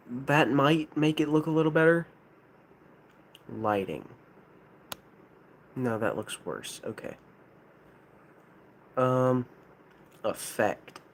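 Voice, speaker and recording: A man's voice: medium pitch, slight background noise. Hesitant man with a lisp. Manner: hesitant, halting, many restarts. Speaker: streamer ranking plush toys. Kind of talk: casual live-stream chat.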